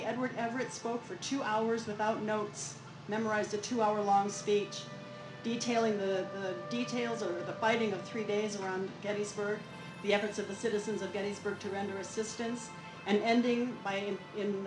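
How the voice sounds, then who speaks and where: A woman reenactor telling a historical story to an audience in a clear, earnest way. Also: mid-range voice, steady tone, moderate pace, roomy sound, music in the background, low-quality recording. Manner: clear, earnest narration with occasional fillers.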